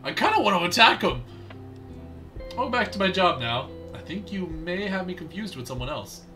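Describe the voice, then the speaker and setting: A man streaming a game, chatting casually with viewers, excitable and laughing often. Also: high-pitched, moderate pace, soft background music. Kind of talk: casual gameplay commentary.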